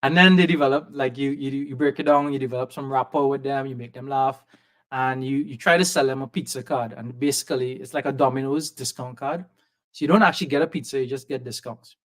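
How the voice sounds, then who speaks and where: A man from Trinidad with a softened Trinidadian accent, telling a lively personal story as a podcast guest and acting out the voices of people he quotes. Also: mid-range voice, brisk. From Trinidad and Tobago. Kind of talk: storytelling in a conversation. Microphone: video call setup.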